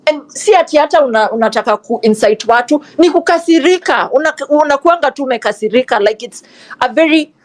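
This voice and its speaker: In this low-quality recording, a young woman with a Kenyan accent and a fairly high-pitched voice argues with passion during a live online audio discussion. She keeps returning to the same points and slips into Swahili along the way.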